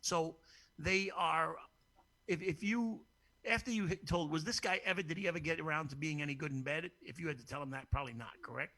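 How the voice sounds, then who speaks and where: A man hosting a crude, casual call-in show, brash and profane and quick to laugh. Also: a little high, pushed and bright. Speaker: host.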